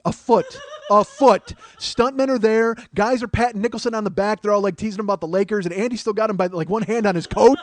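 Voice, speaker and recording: A middle-aged man, the host, telling a comic story in an animated, profane way, often getting loud and excited. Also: high-pitched, dry recording. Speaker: podcast host.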